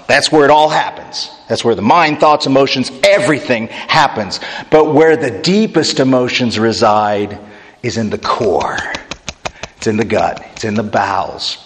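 A male pastor preaches a sermon, moving between close reading and playful asides to the congregation. His voice sits at an ordinary middle pitch. The sound carries a long hall reverb. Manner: animated, joking asides to the congregation. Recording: echoey hall.

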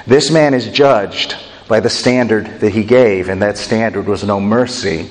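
A man's voice: medium pitch, lively intonation, normal speed, long reverb tail. A man preaching a sermon, retelling a story and acting out its voices expressively. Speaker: pastor.

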